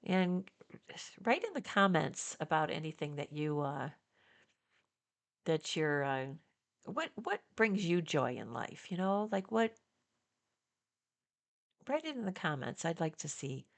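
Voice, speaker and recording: A woman's voice: low voice, sing-song, a little slow, creaky, long pauses. A woman in her sixties from the Detroit area, chatting casually to her viewers as a vlogger, rambling with fillers and little laughs. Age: 60s. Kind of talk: casual chat to camera.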